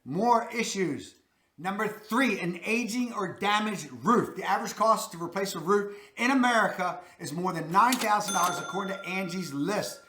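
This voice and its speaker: Emphatic Baltimore man, bright echoey voice. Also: high-pitched, normal speed. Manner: folksy, emphatic, repeats "that's a fact". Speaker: real estate host. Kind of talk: direct-to-camera real estate advice.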